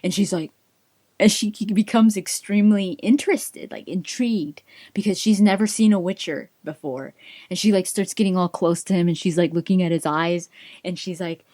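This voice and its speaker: Enthusiastic woman gaming host with a low voice, casually retelling a fantasy story; dry recording. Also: moderate pace, mellow, dry recording. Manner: chatty, giggly, enthusiastic.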